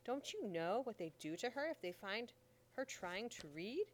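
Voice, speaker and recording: A woman reading an audiobook voices a big, tall older woman who is fierce and protective and speaks in a sharp, commanding way. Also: mid-range voice, big pitch swings, normal speed, a little hiss or hum, lightly acted.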